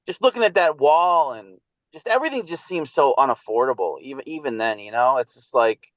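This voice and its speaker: A man in his thirties with a mid-pitched voice, chatting nostalgically on a podcast. He rambles and leans on fillers, and the recording is close and dry. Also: a bit bright, clear, resonant tone, no echo, muffled recording. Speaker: podcast guest. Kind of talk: casual chat.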